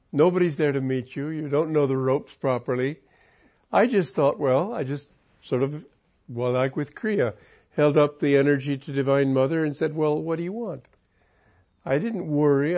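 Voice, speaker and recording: A man giving a reflective spiritual talk, telling a personal story in a calm, musing way with wandering sentences. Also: medium pitch. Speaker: spiritual teacher. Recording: muffled lo-fi recording.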